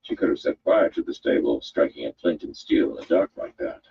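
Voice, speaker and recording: Calm pipe-smoking man, a man doing the voice, low, soft, dry. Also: a little fast, gravelly, slightly rough, lo-fi sound, heavily acted. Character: calm older male companion, pipe-smoking.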